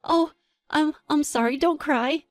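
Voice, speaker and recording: A woman voicing a timid, apologetic young mother who speaks in a high, breathless way. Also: unhurried, dry recording, faint music behind. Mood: flustered. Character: timid, apologetic young mom, meek and flustered.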